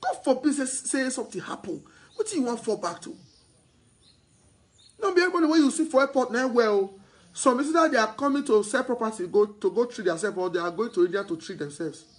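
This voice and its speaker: A man's voice: very high-pitched, a little fast, slightly rough, rough recording. A man with a Nigerian accent talking about real estate to his viewers, mixing Pidgin into his English and repeating himself as he gets worked up. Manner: mixes Pidgin into English, repeats himself, turns loud and excited. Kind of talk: sales broadcast monologue.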